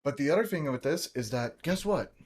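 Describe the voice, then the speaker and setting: A man co-hosting a gaming podcast, telling stories in casual chat, swearing often and animated. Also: a little high, brisk. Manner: profane, animated storyteller. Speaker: podcast co-host.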